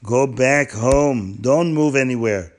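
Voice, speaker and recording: A man's voice: medium pitch, takes it slowly, darkish tone, lightly acted. A man doing the Baal Shem Tov, a holy rabbi. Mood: earnest. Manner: earnest, instructing, reassuring. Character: wise holy old male rabbi giving urgent counsel.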